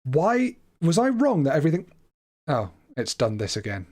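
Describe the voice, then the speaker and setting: A man's voice: on the high side, wildly swooping pitch, moderate pace, darkish tone. A British man giving casual, self-deprecating livestream commentary on a game while laughing often. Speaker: streamer.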